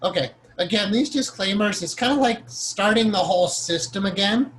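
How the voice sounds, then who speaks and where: A man's voice: sits high, normal speed, a bit bright, a little hiss or hum, poor audio. A man teaching a meditation course in an informal, rambling lecture style, earnest and conversational with frequent self-corrections and an occasional chuckle. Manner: earnest, chuckles now and then.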